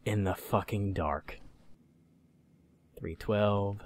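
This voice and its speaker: A man's voice: fairly low pitch, drawn-out words, darkish tone. A man commentating a horror game he is playing, jumpy and swearing, talking back at the game. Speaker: gaming YouTuber.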